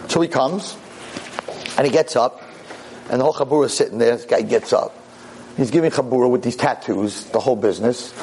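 A male rabbi recounts a story to listeners in a lively, wry way, cutting himself off and jumping back in. His voice sits in a plain middle register, with a soft hum of ambient noise behind it. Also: medium pitch, brisk, long pauses, rough recording. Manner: animated, self-interrupting, wry. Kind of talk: storytelling talk to an audience.

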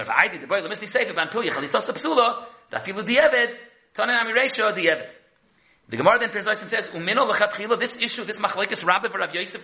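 A man teaching a Talmud lesson, quickly switching between chanted quotes and explanation. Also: sits high, poor audio. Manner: quick, lively chanting between Hebrew-Aramaic quotes and English. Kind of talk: Talmud lecture.

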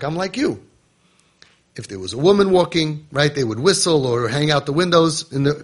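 A man's voice: fairly high pitch, fairly bright tone, slightly rough. A man giving an earnest religious lesson to parents, telling stories and using Hebrew terms as he coaches them.

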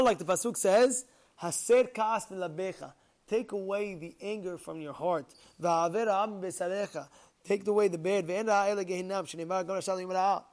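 A man teaching a Torah class, reading lines and explaining them in animated swings between loud and soft. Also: high-pitched.

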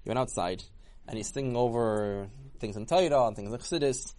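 A man telling a story in a casual, talky way, with lively swoops in his voice. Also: a little fast. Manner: animated, swooping pitch, talky.

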